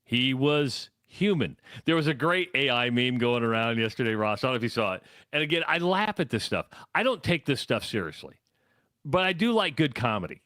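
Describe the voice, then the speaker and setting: A man's voice: medium pitch, very animated, fairly quick, a bit bright, no echo. Middle-aged Midwestern male radio co-host, rambling storyteller, close dry studio mic. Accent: American Midwest. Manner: rambling, self-correcting storyteller. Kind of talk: casual sports talk.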